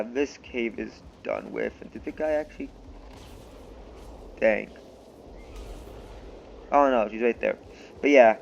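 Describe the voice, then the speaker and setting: A young man hosting a gaming channel rambles through offhand let's-play commentary on his gameplay. His voice is medium-pitched with a darkish tone, and he often pokes fun at himself.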